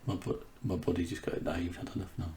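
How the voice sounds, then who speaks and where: Low gravelly man speaking haltingly. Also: flat delivery, mellow, slight background noise. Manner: hesitant, halting, with many restarts. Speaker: interview guest. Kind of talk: candid conversation.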